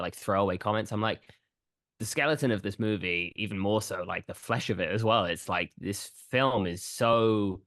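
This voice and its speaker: Low-voiced rambling male podcast host. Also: no echo, studio quality. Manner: relaxed, rambling, many "um"s and "like"s. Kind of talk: casual film discussion.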